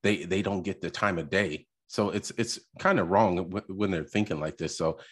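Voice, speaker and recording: A man with a very low, husky voice delivers a blunt, rambling podcast rant. He circles back on his own words and keeps pressing his point in an opinionated reaction commentary. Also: moderate pace. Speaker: podcast host. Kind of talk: reacting to a clip, ranting commentary.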